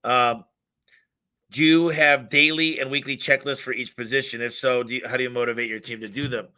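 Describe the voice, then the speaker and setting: A man's voice: medium pitch, clean tone. A man hosting a live question-and-answer stream, giving blunt, emphatic business advice and acting out little customer stories. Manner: energetic, emphatic, blunt, with acted-out customer quotes; talks fast by his own account.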